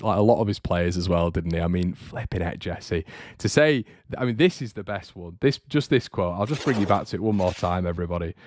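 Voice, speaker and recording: A young man talks in a loose, rambling livestream chat and stops now and then to read out viewer comments. His voice sits low. The close mic gives a dry sound with no room in it. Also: a little mellow, no echo. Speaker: fan channel host.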